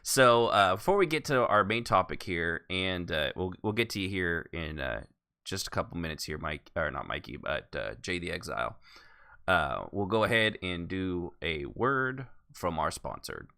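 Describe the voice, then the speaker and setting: A man hosts a relaxed podcast conversation, rambling and poking fun at himself when he loses track. His voice sits low but moves around with plenty of animation. He has a bright, clear tone. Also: normal speed. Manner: rambling, self-deprecating, loses his place. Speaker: podcast host. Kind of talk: casual podcast chat.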